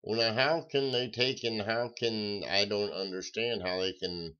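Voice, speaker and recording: A man's voice: fairly low pitch, fairly even intonation, unhurried, sharp tone. A man chatting casually on a live stream, drawling and folksy as he answers viewers' comments. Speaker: live-stream coin seller. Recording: dull lo-fi stream audio.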